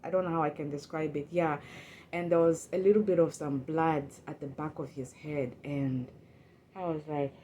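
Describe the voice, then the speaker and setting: A woman recounts a personal experience in a casual, emotional way, often repeating words, restarting, and acting out what she thought back then. Her low voice is mellow and fairly even in intonation, at a normal speed, with slight background noise.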